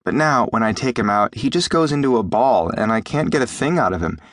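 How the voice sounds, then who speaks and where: A man's voice: medium pitch, lively intonation, brisk, no room sound, clean studio sound, natural voice. A man voicing an earnest, worried teenage boy in an audiobook. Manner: earnest, pleading.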